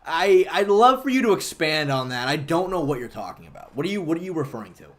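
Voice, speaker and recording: A man's voice: a little high, big pitch swings, fast talker, a bit bright. A man hosting a livestream, chatting casually and argumentatively with viewers and swearing freely. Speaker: livestream host.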